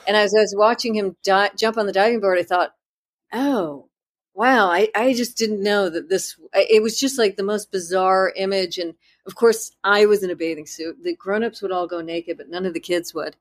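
Woman author, interview guest; candid and self-deprecating, halting restarts, mid-pitched voice. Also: fairly even intonation. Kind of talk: conversational interview storytelling.

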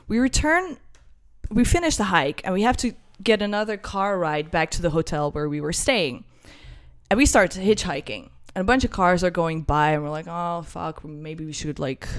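A young British woman telling a casual travel anecdote, acting out what each person said in lively voices. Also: on the low side, clear, resonant tone. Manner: animated storyteller who acts out quoted voices. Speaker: guest telling a travel story.

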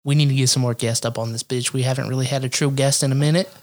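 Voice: mid-range voice, steady tone, quick pace, darkish tone. A podcast co-host from Ohio telling a story in casual, rambling, crude chat with frequent laughs. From Ohio, USA.

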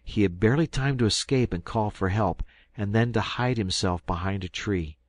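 A man with a very low, deep voice reads a classic adventure novel aloud in a measured, storytelling way. He is recorded close up on a studio mic, and the sound is completely dry. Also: dry recording. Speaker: audiobook narrator. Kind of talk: scripted narration of a classic novel.

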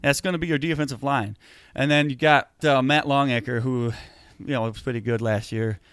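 A man co-hosting a casual football talk show, animated and getting heated as he argues his point. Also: medium pitch, moderate pace, clean tone, dry recording. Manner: animated, gets heated and emphatic. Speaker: sports podcast co-host.

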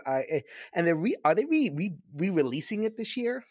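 A man's voice: on the high side, sing-song, moderate pace, few pauses, darkish tone, dry recording, clean studio sound. A man co-hosting a casual podcast, enthusiastic and rambling, with frequent restarts. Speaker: podcast co-host. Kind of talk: casual chat.

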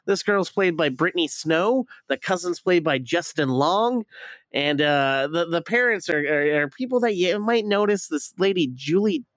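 A man's voice: sits high, fairly bright tone, dry recording. Rambling, profane man with a close, dry voice. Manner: rambling, profane, stumbling restarts. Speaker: podcast co-host reviewing a movie. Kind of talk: casual chat.

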